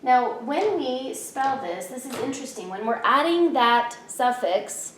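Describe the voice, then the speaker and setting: A woman's voice: sits high, lively intonation, measured pace, a bit bright, roomy sound, a little hiss or hum. A woman teacher in her thirties giving a spelling lesson from home, patiently sounding out each letter.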